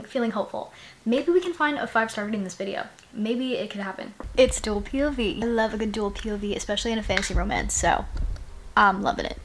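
A woman's voice: on the high side, slight background noise. A young woman chatting casually in a reading vlog, gushing and filling her talk with "like" and "you know what I mean.". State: sleepy. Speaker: book vlogger.

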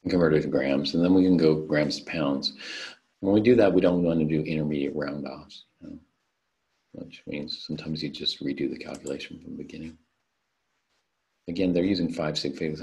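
Very deep gravelly male teacher. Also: warm tone, highs cut off. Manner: methodical, talks through worked problems step by step. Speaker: chemistry teacher. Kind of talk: recorded online lecture. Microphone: computer mic on a video call.

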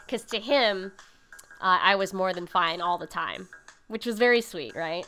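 Woman host of a home cooking stream; casual and rambly, reads chat aloud, with a smooth, clear voice. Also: mid-range voice, a little slow, bright, forceful tone, faint music behind. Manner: chatty and rambling, with frequent fillers. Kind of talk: casual chat reading viewer comments. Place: home livestream setup.

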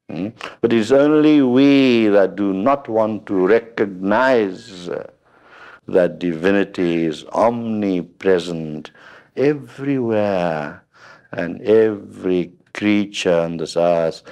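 Older guy giving a spiritual talk, super low voice, takes his time, lots of hmm? asides and little jokes. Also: a little mellow. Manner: storytelling with frequent questioning "hmm?" asides; humorous, anecdotal. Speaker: spiritual teacher.

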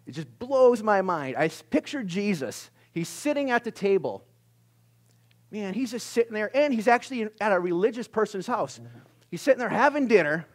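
A male pastor giving a conversational sermon in a church service, swinging from loud exclamations to hushed near-whispers and laughing at himself. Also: sits high, lively intonation, moderate pace.

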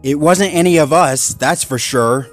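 Guy doing a tense young rescue dog, growly and snappy, kinda higher than his normal voice. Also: a little slow, soft background music, lightly acted. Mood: bitter. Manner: growling, sharp, blunt.

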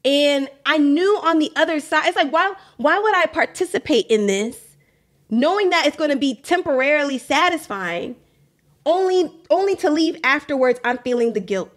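A woman's voice: high voice, animated, normal speed, a bit bright. A young adult woman hosting a faith podcast, talking candidly in a casual monologue, often repeating phrases and laughing. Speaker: podcast host.

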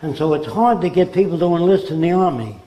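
A man's voice: fairly high pitch, fast talker, dark tone. An older man giving a spoken lecture, emphatic, often dropping into mimicked voices. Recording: roomy echo.

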